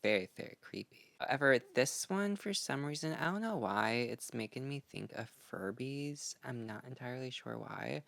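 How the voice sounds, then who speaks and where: Young male vlogger, chatty and gushing, gravelly voice, dry close sound. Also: medium pitch, expressive, normal speed, few pauses, a bit bright, no room sound. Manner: chatty, gushing, playful asides. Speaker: fashion vlogger. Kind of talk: casual magazine review vlog.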